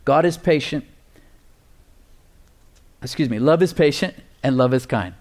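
A man preaching a sermon, slowing down to stress key phrases and calling for responses from the congregation. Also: mid-range voice, lively intonation, darkish tone. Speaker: pastor.

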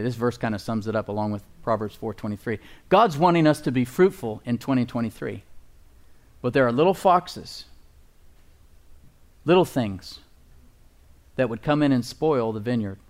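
A man preaching a sermon as pastor, emphatic and folksy, often asking the congregation for agreement and chuckling at his own points. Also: medium pitch.

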